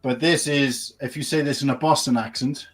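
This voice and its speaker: A man's voice: mid-range voice, fairly even intonation, normal speed. Rambling man, casual chat. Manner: rambling, full of restarts and fillers. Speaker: co-host. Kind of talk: casual live-stream chat.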